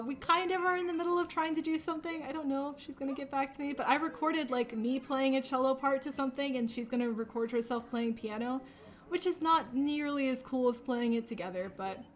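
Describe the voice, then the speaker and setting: Casting: young adult woman, high voice, rambling streamer chat full of laughs. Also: fairly quick. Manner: chatty and rambling, laughs often, many fillers. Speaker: speedrunner streaming a game. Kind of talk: casual chat while playing.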